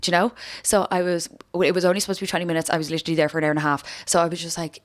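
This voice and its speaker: A woman's voice: low voice, flat delivery, rapid-fire, hardly any pauses, no echo, clean studio sound. A young Irish woman vlogging at home, chatting to camera in a rambling, self-mocking way. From Ireland. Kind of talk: casual chat to camera. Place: room at home.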